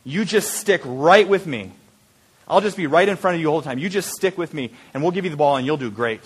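A man's voice: fairly high pitch, expressive, fast, breathy edge. A man voicing a big, confident boy who captains a schoolyard team, commanding at first and then easygoing and reassuring.

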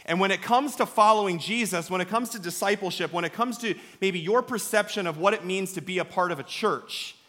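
Male pastor, 30s, storytelling sermon, emphatic and chatty, higher voice, reverberant sanctuary. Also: fairly quick, few pauses, sharp tone. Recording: long hall reverb.

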